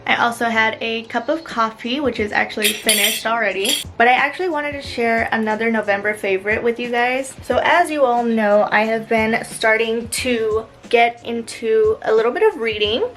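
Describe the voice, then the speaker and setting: A young woman chats straight to camera in a casual vlog, with a bright, fairly high voice. She talks in an animated, rambling way, full of "like" and "um". A faint hiss runs under her voice. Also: normal speed, few pauses, poor audio. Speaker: lifestyle vlogger.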